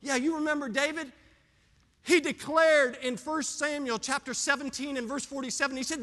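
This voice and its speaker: A hoarse man preaching a sermon as pastor, with emphatic swings between loud and soft. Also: very high-pitched, steady tone, moderate pace, long reverb tail.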